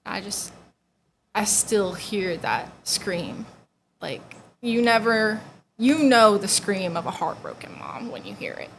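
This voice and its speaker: A woman's voice: medium pitch, sing-song, slow, a little hiss or hum, low-quality recording. Young woman telling an emotional testimony. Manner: conversational, heavy use of "like", drops to near-whispers at painful moments. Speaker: guest giving a testimony.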